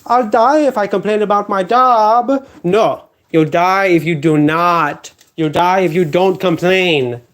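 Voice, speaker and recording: Male live-stream host, unhurried pace, emphatic and repetitive, joking monologue. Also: sits high, a bit bright. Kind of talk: rambling casual monologue.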